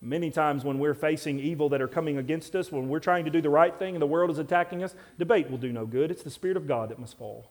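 A man preaching a sermon to a congregation. He swings between loud, emphatic passages and quiet, intense ones, with wry asides to the listeners. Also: fairly high pitch, fast talker, hardly any pauses. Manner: self-deprecating asides to the congregation. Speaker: pastor.

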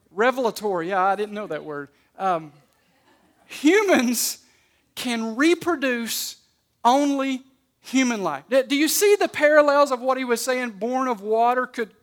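A pastor preaching a sermon in a conversational way, often restarting and repeating words and leaning on key words. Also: medium pitch.

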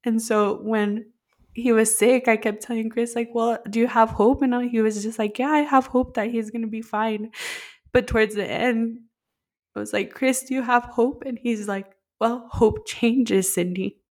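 A woman's voice: on the high side, fairly even intonation, normal speed, a little mellow. A woman co-hosting a podcast, telling a personal story in a heartfelt, rambling way, full of "like" fillers. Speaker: podcast co-host.

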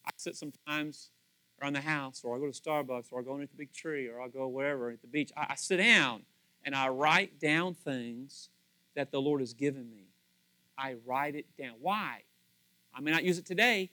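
A male pastor giving a sermon in a chatty storytelling way, acting out little scenes and swinging from loud to soft. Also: medium pitch, moderate pace, no echo. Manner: conversational storytelling, acts out voices.

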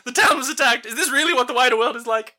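A frantic older father bursts out in a high, strained voice, stressing every word. His tone is bright and sharp, as a man puts him on at the game table. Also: racing, heavily acted. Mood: alarmed.

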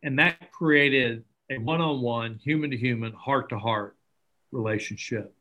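Middle-aged male interview guest; earnest, lively storyteller, mid-range voice. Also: medium pitch, a little slow. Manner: earnest, animated, acts out dialogue. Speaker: interview guest, charity founder. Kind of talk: conversational storytelling.

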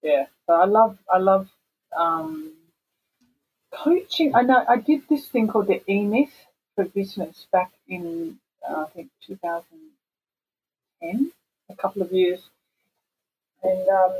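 An Australian woman talks as an interview guest, animated and frank, leaning hard on her points. Her voice has a husky edge and sits at an ordinary middle pitch. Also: poor audio. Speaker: guest, voice actor and singer. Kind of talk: casual interview chat.

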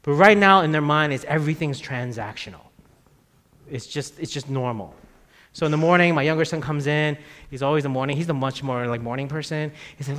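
A man in his thirties preaching a sermon in a conversational way, dropping his voice low on key phrases. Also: a little fast, a bit bright. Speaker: pastor. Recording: long reverb of a church hall.

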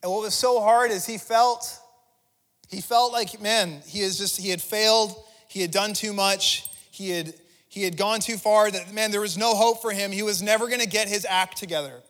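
A man's voice: sits high, fairly even intonation, moderate pace, fairly bright tone, big-room sound. A male pastor giving an impassioned, conversational sermon, restarting phrases as he preaches in a church. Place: church sanctuary.

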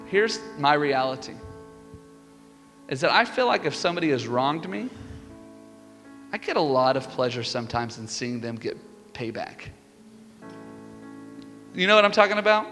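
Animated preacher man in a big hall. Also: on the high side, normal speed, pauses often. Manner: animated storytelling, building to fervent peaks. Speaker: pastor. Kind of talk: sermon. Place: church sanctuary. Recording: reverberant hall with music behind.

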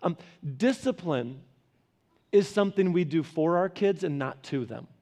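A middle-aged pastor teaching a Bible study speaks unhurriedly, his voice on the high side. In a conversational sermon he relates family stories, animatedly acting out the voices of those involved.

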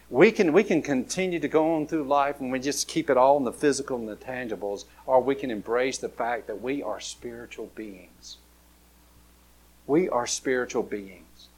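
A man's voice: medium pitch, normal speed. A man preaching a conversational sermon, full of restarts and repeated words. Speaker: pastor.

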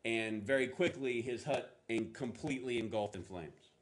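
A man preaching a sermon, telling a story with halting restarts and acting out the speakers with rising intensity. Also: mid-range voice. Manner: animated, acts out the lines with rising intensity; halting, repeats words while searching. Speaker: pastor.

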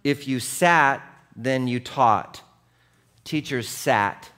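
A man's voice: mid-range voice, extremely slow, fairly bright tone. A male pastor preaching a sermon in a conversational way, often checking in with the congregation and acting out scripture scenes. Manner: conversational, checks in with "right?" and "okay?"; acts out scripture scenes with voiced quotes.

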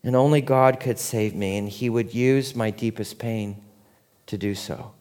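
A man in his forties, a pastor preaching a conversational sermon that swings from quiet and tender to loud and excited. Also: fairly low pitch, measured pace. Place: church sanctuary. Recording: long hall reverb.

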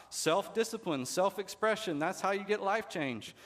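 With long hall reverb around him, a pastor preaches briskly and with few pauses. His voice is a little high and a bit bright, and he talks conversationally while asking the congregation rhetorical questions.

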